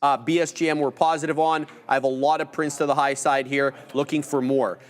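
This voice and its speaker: Energetic man calling live trades. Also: a little high. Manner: lively, quick shout-outs to chat. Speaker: trading show co-host. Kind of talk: live trading commentary.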